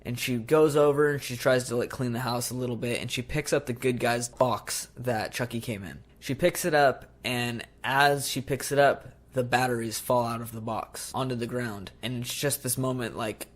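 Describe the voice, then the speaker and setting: A man co-hosting a casual podcast, retelling movie scenes with animated energy and acting out lines. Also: mid-range voice, normal speed, few pauses. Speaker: podcast co-host. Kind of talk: casual chat.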